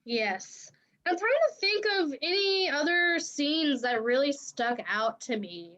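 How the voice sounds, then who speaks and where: A woman co-hosting a podcast, chatting casually and retelling movie scenes in an animated way. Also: high voice, slow pace. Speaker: podcast co-host. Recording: dull lo-fi podcast audio.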